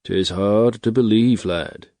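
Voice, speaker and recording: Man voicing an old wry minstrel, soft and low-pitched, dry close sound, storybook reading. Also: slow pace, dry recording. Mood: wry disbelief. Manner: soft, quiet, teasing. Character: old male tavern minstrel, gentle and wry.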